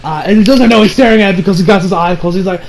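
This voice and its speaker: A man's voice: sits high, rapid-fire. A man giving a casual anime episode review in a rambling, slangy way, full of fillers and loose asides.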